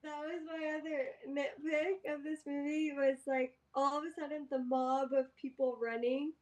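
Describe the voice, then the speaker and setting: A woman with a distinctly high voice joins a casual film chat. She makes wry, nitpicking points in a relaxed way. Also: normal speed. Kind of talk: casual movie discussion.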